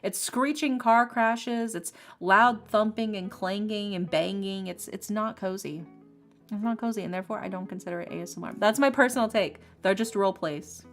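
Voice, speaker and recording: A woman streamer and ASMR creator chatting casually with her viewers, animated and opinionated, laughing often. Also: mid-range voice, moderate pace. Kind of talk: casual chat on a livestream. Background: faint lofi music.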